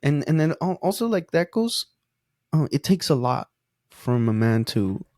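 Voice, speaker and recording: A man co-hosting a podcast with his brothers, talking in a halting, heartfelt way with many restarts. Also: on the high side, big pitch swings, darkish tone, no echo, studio quality. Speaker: podcast co-host. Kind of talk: casual heartfelt conversation.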